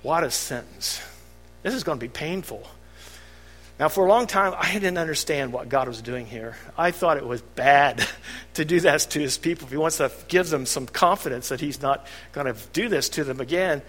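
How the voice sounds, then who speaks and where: Mężczyzna wygłasza kazanie swobodnym, gawędziarskim tonem, wtrącając żartobliwe uwagi. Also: male voice, fairly high pitch, normal speed, fairly bright tone. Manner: conversational, chuckling asides. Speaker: preacher. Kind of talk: sermon. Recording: long hall reverb.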